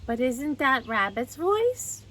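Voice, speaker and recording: A woman voicing a simple-minded, honey-loving male teddy bear in a high, gentle, wondering voice. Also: big pitch swings, slow, full character voice.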